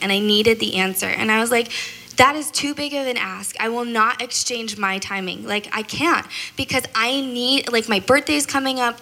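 A woman talks through her faith in a loose, rambling way, filling every pause with "like" and "you know." Her voice is bright and forward, and she sounds like someone who thinks out loud. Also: on the high side, low-quality recording. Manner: processes out loud, talks a lot. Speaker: speaker sharing a faith testimony. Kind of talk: casual devotional talk.

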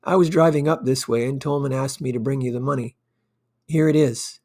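A man voicing a careless, light-hearted young gentleman who talks in a cheerful, airy way. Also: mid-range voice, a little fast, lightly acted.

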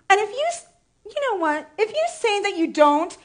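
A woman's voice: extremely high pitch, very animated, normal speed. A woman in her thirties preaching a sermon, candid and playful, telling a personal story with emotion.

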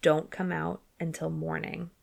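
A curt male warrior lord giving flat, terse orders, read by a woman in her own fairly low voice. He speaks in short commands, clipped and unbending. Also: a little slow, creaky, full character voice. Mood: commanding.

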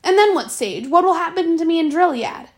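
A woman reading aloud and voicing a proud teenage servant girl who speaks in a sharp, accusing, hurt way. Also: extremely high pitch, lively intonation, fairly quick, pitched above the performer's own voice. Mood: angry.

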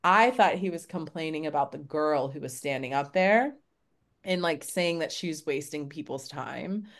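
A woman's voice: low voice, moderate pace. A woman co-hosting a podcast, telling a story in casual chat, acting out quotes with lots of "like" and casual swearing. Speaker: podcast co-host.

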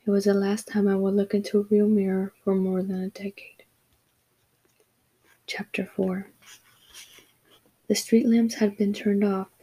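A woman narrating a story in a steady, even reading voice. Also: medium pitch, husky, low-quality recording. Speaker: audiobook narrator. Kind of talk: scripted narration.

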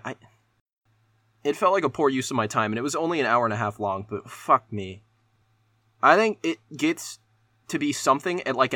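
A young man talks through a movie review on his podcast, rambling and swearing, with lots of "like" and restarts. His voice is bright and forward. The sound is dry and close, with no room around it. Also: mid-range voice, no echo. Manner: rambling, profane, lots of fillers. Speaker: podcast host. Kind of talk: casual solo movie review.

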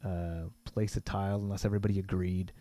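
A man's voice: low-pitched, flat delivery, fast talker, mellow, no room sound. A man co-hosting a board game podcast, talking loosely and trailing off with lots of fillers. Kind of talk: casual chat.

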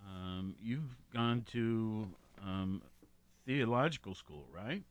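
Slow, halting male interviewer. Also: fairly low pitch, lively intonation, clear, resonant tone. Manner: halting, with many fillers and restarts. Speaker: interviewer, host. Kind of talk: interview questions.

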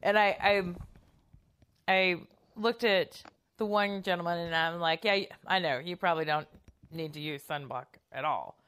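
Woman on a podcast rambling thru an awkward story, lots of ums, kinda low voice. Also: normal speed, a bit bright, clean tone. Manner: rambling, self-conscious storytelling with many fillers and restarts. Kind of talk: casual podcast chat.

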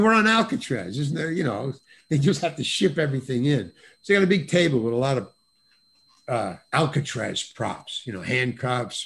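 An older man, a guest actor on a video call podcast, telling an animated anecdote with many restarts and acted-out voices. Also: mid-range voice, gravelly. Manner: lively, acts out other people's voices, repeats and restarts words.

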